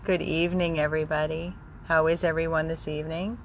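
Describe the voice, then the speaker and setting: A woman hosting a casual live stream from her dog rescue, using gentle baby talk with her dog and chatting with viewers. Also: deep voice, little pitch movement, a little fast, a little hiss or hum. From Florida. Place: home with dogs, indoors and out.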